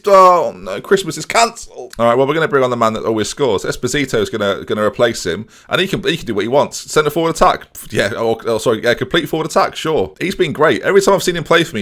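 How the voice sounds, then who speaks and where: Lively man commentating a game. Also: medium pitch. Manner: excitable, sarcastic running commentary addressing viewers. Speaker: gaming YouTuber. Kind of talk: let's-play commentary on a football management game.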